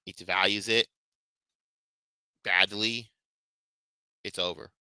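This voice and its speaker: A man's voice: on the low side, fairly even intonation, slow pace, pushed and bright, smooth, dry recording. A man hosting a talk stream, ranting and mocking in profane commentary. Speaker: podcast host.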